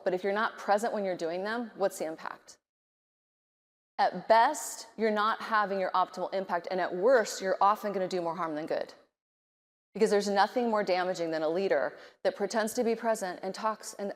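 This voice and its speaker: A middle-aged woman speaks from a conference stage, lively and expressive, and she slips into quick nervous inner voices to make her points. Her voice sits at a middle pitch and carries a long reverb from the big hall around her. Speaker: keynote speaker. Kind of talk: conference keynote speech.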